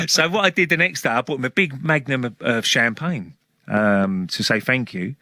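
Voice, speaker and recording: A man's voice: medium pitch, lively intonation, moderate pace, sharp tone, dry recording, studio quality. Chatty man telling football stories. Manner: chatty storyteller, laughs between stories. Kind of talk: casual anecdote telling.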